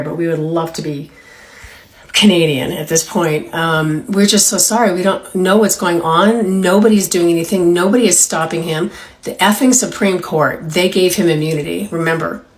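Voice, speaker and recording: Apologetic woman from California. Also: lowish voice. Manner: apologetic, impassioned. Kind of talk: emotional personal video.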